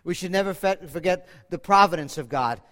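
Male pastor, high voice, emphatic sermon delivery, loud-to-hushed swings, long hall reverb. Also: fairly quick. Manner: emphatic preaching, swinging loud and soft, quoting scripture.

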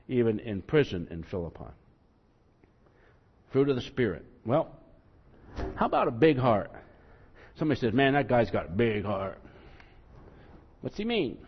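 A man's voice: mid-range voice, breathy edge. A male pastor preaching a sermon in a conversational, self-deprecating way, acting out quotes with rising emphasis. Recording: muffled, long hall reverb.

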